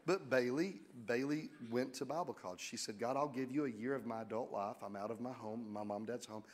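A middle-aged American man preaching a sermon as pastor, animated and joking, with sudden loud exclamations. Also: medium pitch, brisk. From United States.

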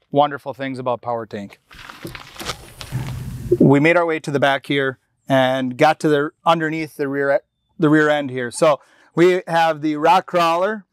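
Enthusiastic male off-roader, slightly higher voice, smooth and crisp, dry close sound; casual walkaround patter. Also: no room sound. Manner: enthusiastic, rambling with restarts and fillers. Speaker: off-road vlogger showing his jeep build. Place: outdoors and inside a jeep in a shop area.

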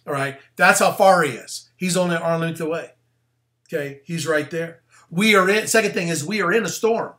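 A pastor delivers a loose, conversational sermon, often breaking off for asides. He is a man with a slightly high, bright voice that swings freely up and down. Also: normal speed. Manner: animated and conversational, with plain slang and asides. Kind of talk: casual sermon.

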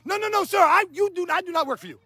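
A man films on his handheld phone outdoors, confronting police on his property and repeating his demands in a heated live exchange. His voice is very high-pitched, quick, bright and forceful, with no room sound.

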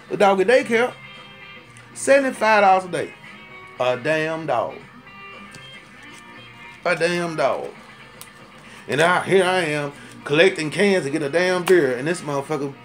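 Ranting to camera as a storyteller, a man gives a comic monologue in a high-sitting voice that leaps into loud, indignant outbursts. Profane, heated and rambling, he keeps circling back to repeat his points while faint music plays somewhere behind him.

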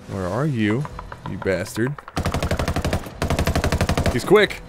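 Animated man doing playful game commentary. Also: on the low side, slow, long pauses, over music. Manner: joking, mock-dramatic, taunts enemies. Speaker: gaming video creator.

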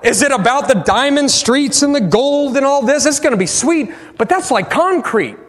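A man preaching a sermon as pastor, passionate, swinging from loud bursts to hushed pleas. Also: very high-pitched, animated, normal speed, long reverb tail. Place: church sanctuary.

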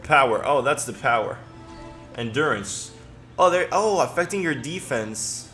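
Bright-voiced, excitable young man stammering. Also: mid-range voice, unhurried, faint music behind. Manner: excitable, stammering, swears a lot. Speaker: gaming commentator. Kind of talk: casual gameplay commentary.

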